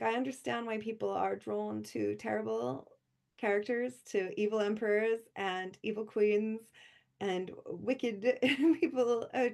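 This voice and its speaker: Woman author, gravelly fry, loose rambling chat full of laughs. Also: mid-range voice, darkish tone. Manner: rambling, laughs often between thoughts. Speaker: author speaking at a convention livestream. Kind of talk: chatty informal talk before a reading.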